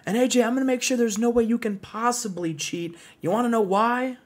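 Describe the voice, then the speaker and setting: Guy doing a high earnest young wrestler, fast and indignant about cheating.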